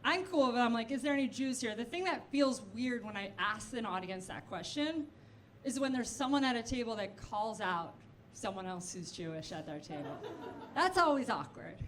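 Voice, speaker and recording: Stand-up comic, woman, high and lively voice, quick crowd asides, noisy live club tape. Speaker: stand-up comedian. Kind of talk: stand-up comedy set. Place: comedy club stage. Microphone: handheld stage mic.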